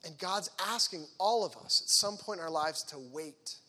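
A man in his thirties giving an energetic, chatty faith talk to teenagers, acting out the voices in the dialogue he quotes. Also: on the high side, normal speed. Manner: chatty and conversational, with frequent fillers. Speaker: youth speaker.

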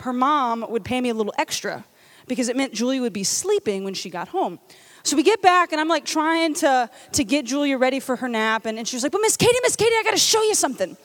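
A woman from Louisiana tells a funny story as part of a church talk, chatty and self-mocking. Her voice is high and swings widely in pitch. She fills her speech with casual "like"s. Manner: animated, self-deprecating, chatty with many "like"s. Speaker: church speaker. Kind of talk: comedic storytelling sermon.

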